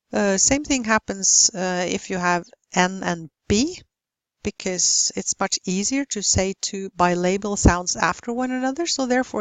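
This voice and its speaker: A woman giving a recorded slide lecture on pronunciation, explaining calmly and modelling example words one at a time. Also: mid-range voice, moderate pace, no room sound.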